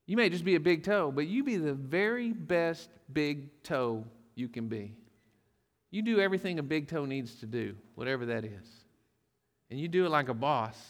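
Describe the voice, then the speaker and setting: Man, pastor, lightly raised pitch, folksy sermon delivery, long church-hall reverb. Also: animated, normal speed. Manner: folksy storytelling with humor.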